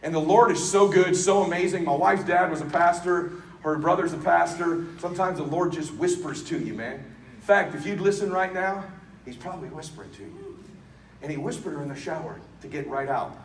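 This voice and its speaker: A middle-aged man giving a motivational speech at an event, intense and exhorting, often shouting. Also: fairly high pitch, a little hiss or hum. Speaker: keynote speaker. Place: large event hall. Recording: echoey hall, distant mic.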